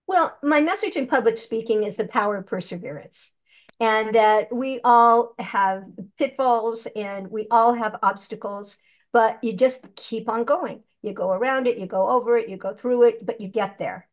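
Chatty older woman, higher voice. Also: moderate pace. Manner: animated, chatty storyteller who acts out quotes. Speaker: guest, actress and voice actor. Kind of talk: conversational interview.

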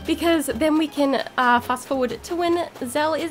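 A woman giving casual gameplay commentary as a YouTuber, gushing, giggly and excitable, with mild swearing. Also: sits high, moderate pace, few pauses, over loud music. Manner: bubbly, giggly. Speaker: gaming YouTuber.

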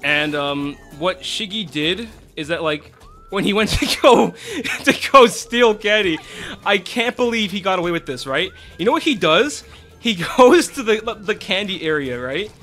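A man streaming, telling an animated casual story with lots of "right?" and "like". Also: sits high, a little slow, soft background music.

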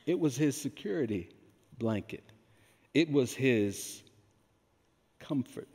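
Male pastor, deliberate sermon delivery, long hall echo. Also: medium pitch, lively intonation, darkish tone, slightly rough. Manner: slow, emphatic delivery with call-and-response questions. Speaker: preacher. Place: large church hall.

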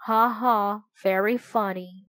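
A woman's voice: mid-range voice, fairly even intonation, takes it slowly, a bit bright, no echo. A woman voicing a playful boy who grumbles and jokes, in a children's storybook reading. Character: boy, joking and a bit whiny.

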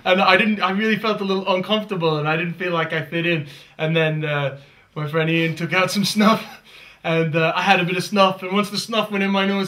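A man with an American accent, a comedian recalling a story in an interview with rambling pauses. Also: high-pitched, fairly even intonation, bright, forceful tone. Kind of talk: interview anecdote.

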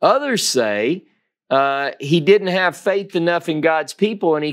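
Animated man teaching scripture. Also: fairly high pitch, measured pace. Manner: animated, emphatic, repeats key phrases; dramatic reading of scripture quotes. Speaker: Bible teacher. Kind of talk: Torah teaching.

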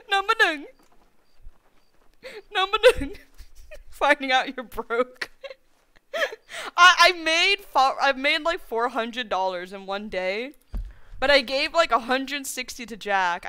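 A woman's voice: high-pitched, expressive, unhurried, sharp tone, clear, resonant tone. A woman streamer giving live gameplay commentary, thinking aloud and rambling to herself with playful folksy slang.

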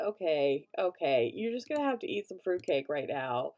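Woman gamer, casual let's-play commentary, rambling, lots of ums, pitch swings up and down. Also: very animated, normal speed, hardly any pauses, dark tone. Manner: rambling, many fillers, bursts into panicked shrieks and laughter.

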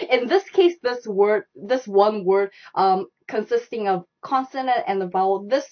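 A woman with a Korean accent teaching a live online language class, repeating steps slowly and laughing often. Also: medium pitch, lively intonation, dull audio. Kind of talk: live-streamed language lesson.

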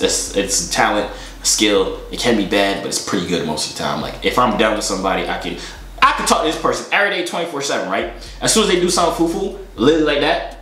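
Young man, vlogger, animated, joking, slangy, rambling, echoey room. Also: fairly low pitch. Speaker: vlogger answering fan questions. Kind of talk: casual Q&A chat.

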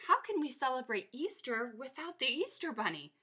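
A woman's voice: high-pitched, very animated, normal speed, sharp tone, voice pushed up, exaggerated voice. A woman voicing an anxious little male mole who frets, in a storybook read-aloud. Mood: nervous. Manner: nervous, fretting.

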